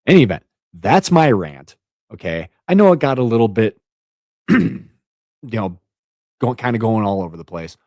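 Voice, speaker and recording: A man's voice: fairly low pitch, big pitch swings, moderate pace, pauses often, a little mellow, no room sound. A man in his thirties, a content creator, giving an unscripted, exasperated rant and repeating words for emphasis. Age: 30s.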